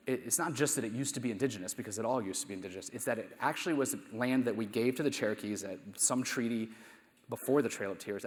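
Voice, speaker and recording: A man, a math teacher, giving a conversational conference talk full of rhetorical questions and self-deprecating asides. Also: fairly low pitch. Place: conference hall. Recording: echoey hall.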